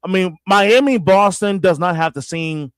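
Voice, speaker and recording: A man in casual sports talk, animated and often restarting his sentences with stammered repeats. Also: sits high, moderate pace, clear, resonant tone, no echo, studio quality. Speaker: radio host guest.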